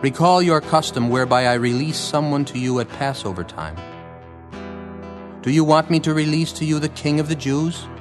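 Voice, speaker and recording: A man's voice: on the high side, expressive, normal speed, voice pushed up, close to an everyday voice. A man voicing Pilate, a Roman governor who asks pressing, challenging questions. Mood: demanding. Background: faint guitar music.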